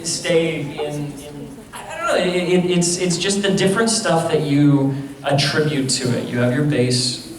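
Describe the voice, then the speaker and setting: Animated, scattered man at a convention panel. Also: a little high, unhurried. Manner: animated, scattered, swears casually. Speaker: voice actor panelist. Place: large convention hall. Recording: roomy hall, distant mic, crowd.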